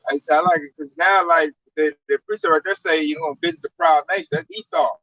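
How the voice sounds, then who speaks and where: A man talking in a casual religious discussion, slangy and animated, telling stories. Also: fairly high pitch, fast, dry recording, lo-fi sound.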